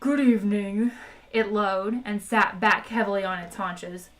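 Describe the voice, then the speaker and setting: A woman's voice: medium pitch, steady tone, measured pace, bright, forceful tone, poor audio. A woman reading a novel aloud on a live stream, narrating expressively and chatting with viewers between passages. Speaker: book reader on a live stream. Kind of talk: expressive read-aloud with character voices.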